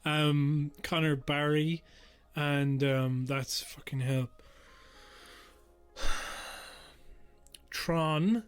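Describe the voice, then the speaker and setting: A man's voice: on the high side, fairly even intonation, very slow, long pauses, clean tone, faint music behind. An Irish man co-hosting a podcast, chatting casually, giggling often and trailing off with ums while he works out puns. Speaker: podcast co-host. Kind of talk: casual comedic chat.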